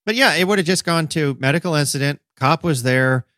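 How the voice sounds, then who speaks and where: A man co-hosting a casual podcast discussion, animated, acting out quotes in voices and building long metaphors. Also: on the high side, fairly quick, no room sound, studio quality. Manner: talks in extended metaphors. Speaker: podcast co-host.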